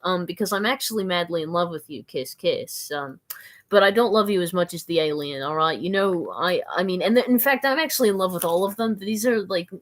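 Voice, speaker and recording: A woman's voice: fairly low pitch, fairly quick. A woman from the American South rambling through a live stream, giggling, mocking herself and answering viewer comments. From Southern United States.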